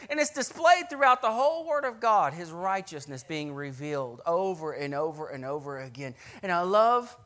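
Male preacher, sermon, passionate, conversational storytelling, loud peaks and hushed lows. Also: expressive, normal speed, hardly any pauses. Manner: storytelling, retells scripture scenes conversationally.

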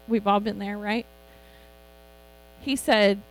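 A woman's voice: medium pitch, a little slow, pauses often, poor audio. Chatty woman preaching, mains hum. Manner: chatty, animated, laughs often. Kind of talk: informal sermon.

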